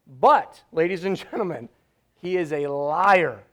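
A man pastor preaching a sermon in a conversational, emphatic way, with dramatic pauses. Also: fairly high pitch, fairly bright tone.

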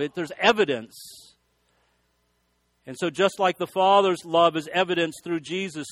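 A man's voice: fairly high pitch, a bit bright, no echo. A male pastor preaching a sermon, telling folksy stories and often restarting his sentences. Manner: folksy storytelling with repeated restarts.

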